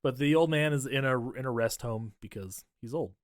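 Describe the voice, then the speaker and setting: A man's voice: mid-range voice, dry recording, clean studio sound. A man co-hosting a podcast, recapping a horror movie in casual, profane, sardonic chat. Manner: profane, sardonic recapping with quick voices for characters. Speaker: podcast co-host.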